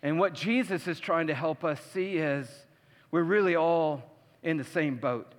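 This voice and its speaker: A man preaching a sermon as pastor, telling a story with animated delivery and acting out its characters. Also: fairly high pitch, unhurried. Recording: long reverb of a large hall.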